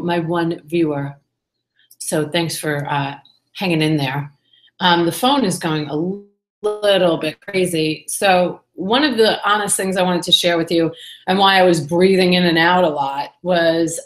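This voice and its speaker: A woman's voice: on the low side, fairly bright tone, reverberant. A woman talking candidly to the camera in a casual personal vlog, rambling and chatty with lots of fillers. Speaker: vlogger.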